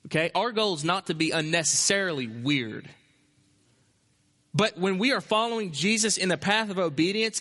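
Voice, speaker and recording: A man's voice: sits high, animated, normal speed, sharp tone, big-room sound. A male pastor preaching a sermon, emphatic, with repeated phrases and rhetorical questions.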